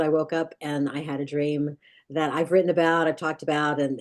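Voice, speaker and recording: A middle-aged dream expert shares, as an interview guest, an earnest and vivid account of a nightmare she had as a child, repeatedly restarting her phrasing. Her voice is deep and slightly mellow.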